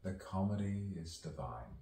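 A man's voice: deep voice, expressive, moderate pace, warm tone, reverberant, distant mic. A man, a poet and actor, performing an improvised spoken-word soliloquy with dramatic swings between whispers and sudden outbursts.

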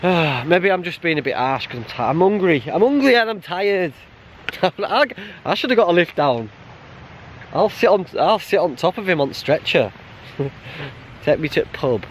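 A man chatting casually while hiking a mountain trail, blunt and quick to laugh. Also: fairly high pitch, animated, a little hiss or hum. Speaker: hiker vlogger. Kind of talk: casual outdoor vlog chat.

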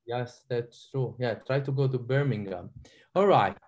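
A man's voice: medium pitch, measured pace, dull audio. A man with an Italian accent giving a live online radiology lecture, quizzing his audience and often repeating himself. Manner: animated, quizzes audience with frequent ums and repeats.

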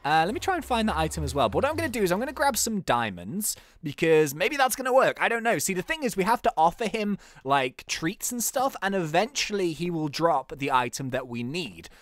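Excitable man narrating his gameplay. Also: high-pitched, a little fast, hardly any pauses, no room sound, studio quality. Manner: excitable, self-mocking, laughs often, pleads with game characters. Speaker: gaming channel host. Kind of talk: casual let's-play commentary.

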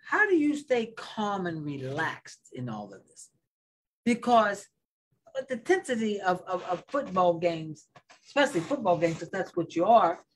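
A man's voice: sits high, a little hiss or hum, rough recording. A man hosting a podcast, asking probing questions in a conversational, colloquial way. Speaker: podcast host. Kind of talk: casual interview talk.

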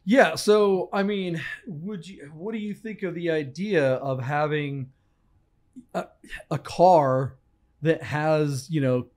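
A man with a fairly high voice co-hosts a casual podcast from a studio. He tells stories with energy and acts out the scenes as he goes. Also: slow pace. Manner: animated storyteller, acts out scenes. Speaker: podcast co-host. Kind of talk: casual chat.

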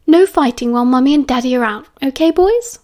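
A woman plays a brisk, warm young mother with a British accent in an audiobook. She sounds lightly scolding and clearly high-pitched. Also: animated. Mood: brisk fond.

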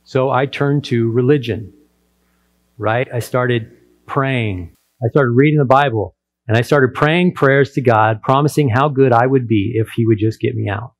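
Man, pastor, sermon, storytelling delivery, acts out quotes, mid pitch. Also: unhurried. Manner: storytelling preacher who acts out the characters' quotes.

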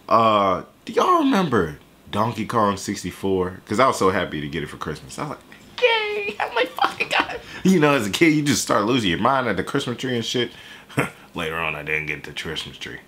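A man's voice: low voice, pushed and bright. A man in his twenties giving casual, jokey reaction commentary on a song, jumping into voices and asides. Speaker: music reaction YouTuber.

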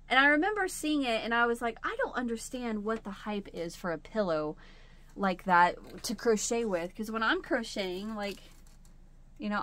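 A woman's voice: mid-range voice, bright, forceful tone, no echo. Chatty woman rambling about crochet at home. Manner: chatty and rambling, laughs often. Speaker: crochet channel host. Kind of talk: casual chat. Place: home, sitting in a chair.

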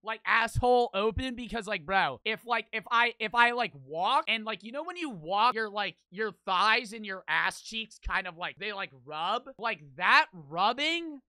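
A young man telling a story to camera, animated and crude, swearing nonstop and repeating his punchlines. His voice is bright and sharp-edged. The recording is close and dry. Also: high voice, normal speed, few pauses, no echo. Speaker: streamer.

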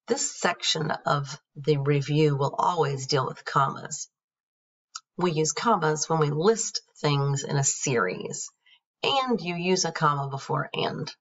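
Speaking slowly in a low voice, a female teacher goes over a grammar worksheet with patience, spelling each word out one letter at a time. It's captured as dull, faraway screen-recorded audio.

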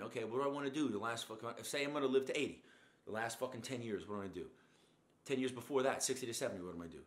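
A man's voice: mid-range voice, roomy sound. A man hosting a show, giving a profane, rambling motivational rant in a blunt, cursing manner. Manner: blunt, swears constantly, rambling tangents. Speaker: show host.

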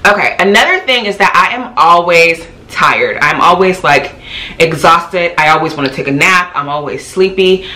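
A woman vlogger chatting quickly and casually to camera at home, tired and full of fillers. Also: on the low side, animated, sharp tone. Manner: fast-talking, chatty, many fillers. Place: home apartment. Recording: echoey room.

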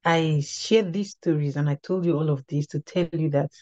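A woman whose voice sits low and dark speaks at a normal pace, without echo. At a women's ministry she teaches by telling a testimony, earnest and story-like, with many repeated and restarted phrases, captured on a slightly dull lo-fi recording.

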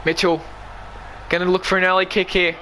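Male gamer, high bright voice, excitable live commentary, shouts at the play. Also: a little fast, a little hiss or hum. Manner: excitable, shouting and pleading at the game. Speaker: gaming YouTuber.

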